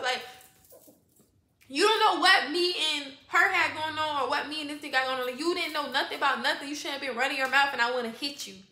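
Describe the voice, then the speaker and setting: A young woman, telling a profane, animated storytime and acting out quoted voices. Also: sits high, a little fast, roomy sound. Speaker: vlogger.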